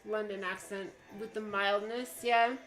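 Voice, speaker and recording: Teasing woman co-host, quick to laugh. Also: medium pitch, steady tone, a bit bright, faint music behind. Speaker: stream co-host. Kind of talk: casual chat.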